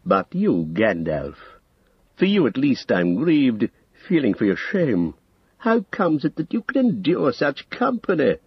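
Old male wizard, persuasive and proud, man doing the voice, husky tone, dry lo-fi audiobook. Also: medium pitch, wildly swooping pitch, measured pace, dry recording, voice pushed up, exaggerated voice. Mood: scornful. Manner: smooth coaxing, rising to lofty emphasis. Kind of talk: audiobook character reading.

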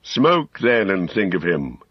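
A wise, kingly healer speaks gently and solemnly, voiced by a man reading a storybook. The voice is deep and husky. It's recorded dry and a little dull. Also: moderate pace, no echo. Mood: solemn, kind. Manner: calm, solemn, reassuring.

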